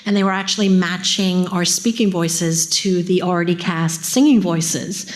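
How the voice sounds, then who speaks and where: A woman's voice: fairly low pitch, moderate pace. Chatty enthusiastic woman on a panel. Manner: chatty, enthusiastic, wanders into tangents. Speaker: voice actress panel guest. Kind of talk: casual convention panel chat. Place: convention panel stage.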